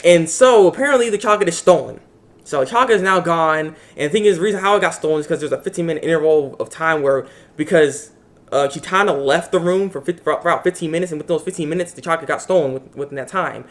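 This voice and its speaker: A man's voice: a little high, quick pace. A man rambling through a casual anime episode recap, acting out the characters' lines as he goes. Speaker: anime reviewer.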